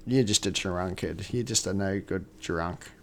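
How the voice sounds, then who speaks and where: A man's voice: sits low, a little slow, a bit bright. A man doing a nagging old wife. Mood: scolding. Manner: dismissive, nagging. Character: scolding old woman, fed-up wife.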